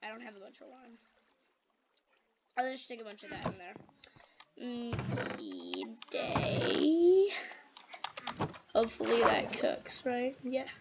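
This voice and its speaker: A woman's voice: fairly high pitch, normal speed, long pauses, very noisy. A female gameplay host chatting casually and rambling to herself as she crafts. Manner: rambling, talks to self while crafting. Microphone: computer microphone. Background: television playing in the house.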